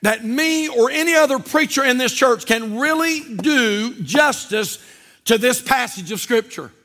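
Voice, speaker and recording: Male pastor, church sermon: very high, bright tone, emphatic delivery with sudden low intense drops. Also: lively intonation, unhurried. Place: church service.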